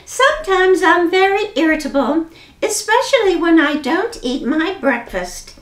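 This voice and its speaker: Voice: very high-pitched, big pitch swings, unhurried, fairly bright tone, reverberant, voice pushed up, full character voice. A woman voicing a fussy, irritable rascal who talks in a genteel way, in a children's storybook reading. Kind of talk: storybook read-aloud for children.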